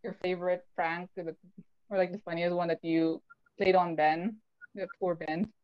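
A woman's voice: lowish voice, steady tone, moderate pace, clean tone, dry recording. Hesitant woman on dull, dry call audio. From Philippines. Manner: hesitant, many fillers. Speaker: fan asking questions. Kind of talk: casual video chat. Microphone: video call mic.

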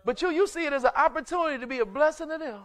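A male pastor preaching a sermon, driving it with repeated rhetorical questions, call-and-response, and sudden shouts. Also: very high-pitched, rapid-fire.

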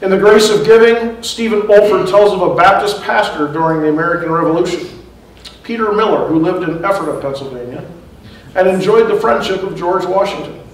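A man's voice: high voice, a little fast. A man giving a conversational sermon as pastor, chuckling at his own asides. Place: church sanctuary. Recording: echoey church hall, mic far off.

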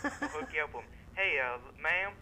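A man's voice: a little high, expressive, a little fast, pushed and bright. A man in playful, mock-dramatic banter, teasing others on a call-in show. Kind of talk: comic banter and prank voices. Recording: noisy with clicks.

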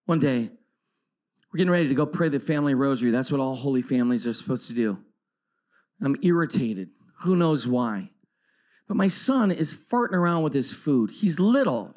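Middle-aged male retreat speaker, lively and expressive delivery, shifts from loud to hushed. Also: high voice. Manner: animated, swings from loud outbursts to hushed tones. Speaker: conference speaker. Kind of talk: personal storytelling talk. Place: retreat conference talk.

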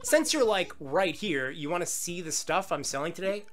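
A man reading a sweet, chatty female hedgehog shopkeeper from a video game in a soft, friendly voice. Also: high-pitched, animated, moderate pace, faint music behind.

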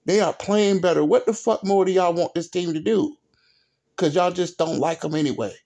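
A man's voice: high voice, normal speed, vocal fry, mellow. A man hosting a sports vlog, ranting in an exasperated, repetitive, profane way with speech. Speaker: sports video host.

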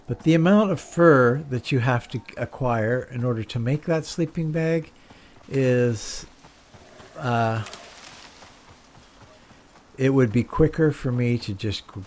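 A man casually commenting on his own gameplay, chatty and self-deprecating, talking to himself as he goes. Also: mid-range voice. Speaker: gameplay streamer. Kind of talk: casual let's-play commentary.

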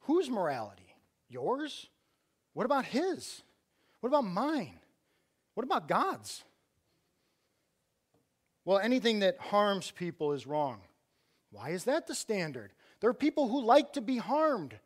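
A man's voice: sits high, sing-song, a little slow, pauses often. A middle-aged man preaching a conversational sermon in a church, arguing with rhetorical questions and often restarting his sentences. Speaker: church outreach director preaching.

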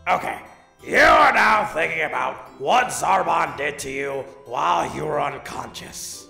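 A man performing an eager, naive young male hero with a gravelly, bright voice. He yells and gushes with enthusiasm. The recording echoes as if in a bare room. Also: on the high side, animated, unhurried, soft background music, exaggerated voice. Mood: excited. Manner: eager, yelling. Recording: roomy echoing recording.

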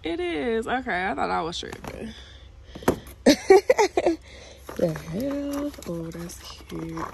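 A woman talking casually to her phone as she shops, gasping, squealing and swearing in excitement. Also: medium pitch, vocal fry. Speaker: vlogger. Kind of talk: casual shopping vlog. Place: in a large store. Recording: noisy store ambience.

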